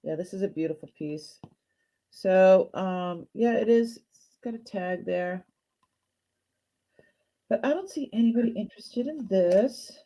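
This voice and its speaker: Slow-talking chatty woman in her fifties. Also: medium pitch, animated, warm tone. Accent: Boston. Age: 50s. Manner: chatty, hesitant, greets viewers by name. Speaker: live sale host. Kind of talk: casual live jewelry sale. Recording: dull lo-fi stream audio.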